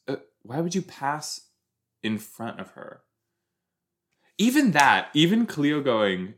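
A man's voice: mid-range voice, sing-song, slow, fairly bright tone. A young man hosting a podcast, giving casual running commentary as he watches an episode. He rambles with fillers and pokes fun at himself. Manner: chatty, self-deprecating, rambling with fillers. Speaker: podcast host.

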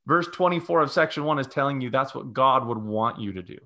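A man's voice: medium pitch, a little fast, bright, forceful tone. A man who is a guest religious educator on a podcast, speaking in a teacherly way and laying out numbered steps. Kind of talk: podcast conversation.

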